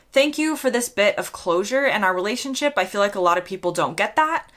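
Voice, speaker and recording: A croaky-voiced American woman works through the comments on her videos. She answers each one with dry, mock-sincere sarcasm. Her pitch rises and falls in lively swoops. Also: normal speed, few pauses. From United States. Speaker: vlogger.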